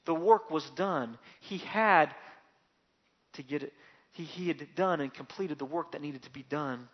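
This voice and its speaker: A man preaching a sermon, telling the story dramatically and building to loud, emphatic peaks. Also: a little high, measured pace. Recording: dull lo-fi recording.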